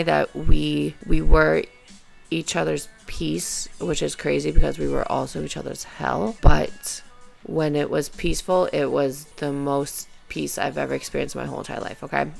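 A young woman hosting a solo confessional podcast, reading from her old journal in a candid, sweary, self-mocking way that swings between soft and loud. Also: deep voice, vocal fry. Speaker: podcast host.

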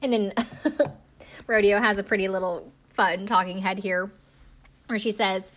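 A woman's voice: medium pitch, fairly even intonation, measured pace, pauses often, a bit bright. A woman hosting a podcast, chatting casually as she recaps a show, her talk full of "like" and "um" fillers. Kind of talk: casual chat.

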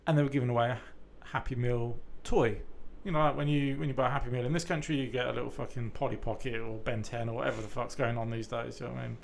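A man's voice: mid-range voice, steady tone, fast talker, vocal fry, few pauses. A man with a sweary, rambling storytelling manner, chatting casually on a podcast.

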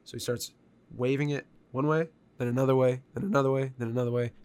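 A man telling a story in casual conversation, animated and profane, with lots of filler words. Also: medium pitch, quick pace, smooth.

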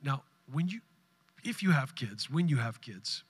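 A man, preaching a sermon to his congregation, swinging between loud bursts and hushed asides. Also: medium pitch, big pitch swings, unhurried, slightly rough. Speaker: pastor. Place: church sanctuary with congregation.

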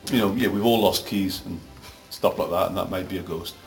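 A low-voiced, gravelly Glaswegian man from Scotland talks fairly quickly as an actor guest in a casual interview, rambling through anecdotes and growing animated. The recording has a roomy echo with music behind.

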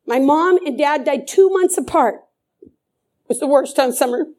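A woman's voice: high-pitched, moderate pace, a little mellow. A middle-aged woman preaching a sermon with fervor, repeating phrases for emphasis.

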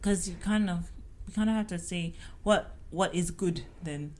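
A woman's voice: on the low side, moderate pace, darkish tone, a little hiss or hum. A young woman co-hosting a casual podcast, thinking aloud and restarting her sentences. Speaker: podcast co-host. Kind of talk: casual chat.

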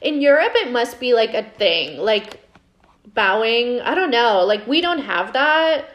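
A young American woman talks over a show with her co-host, expressive and swinging her pitch widely. Her voice sits a little high. The recording has a roomy echo. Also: dull audio. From United States. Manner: expressive, quick to laugh, animated. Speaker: podcast co-host. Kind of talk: casual recap chat. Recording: echoey room.

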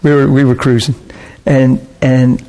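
A man's voice: mid-range voice, little pitch movement, a little slow, mellow. A man preaching a conversational sermon, telling stories with casual, emphatic asides.

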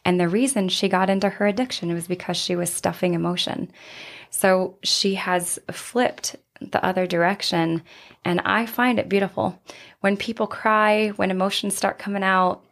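A woman's voice: medium pitch, fairly even intonation, normal speed, creaky. A woman who leads healing retreats, telling an earnest story in a casual interview and acting out the quoted lines. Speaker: retreat leader and healer.

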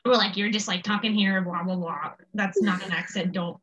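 Here an American teen girl talks casually at normal speed, her mid-range voice fairly bright yet husky, with fairly even intonation. Her chat wanders, full of fillers and frequent restarts. The audio has a dull, lo-fi quality.

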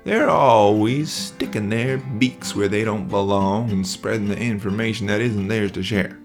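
A man's voice: on the low side, a little slow, music in the background. A man doing an earnest bear planner.

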